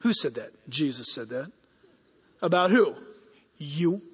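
High-pitched pastor guy preaching, acts out everyone he quotes, big echoey hall. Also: slow, breathy edge. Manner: animated, acts out quoted people in raised voices. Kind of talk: sermon. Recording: long hall reverb.

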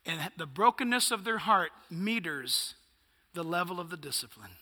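A man's voice: high voice, animated, moderate pace, pushed and bright, in a large hall. A male pastor preaching a sermon, emphatic and punchy, firing off rhetorical questions.

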